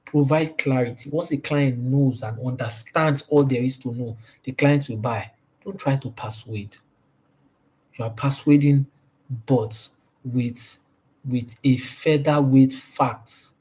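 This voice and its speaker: A man's voice: medium pitch, fairly even intonation, takes it slowly, warm tone, husky. A man giving a sales training talk, pressing each point hard and repeating key phrases. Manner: emphatic and repetitive, stresses points by repeating them.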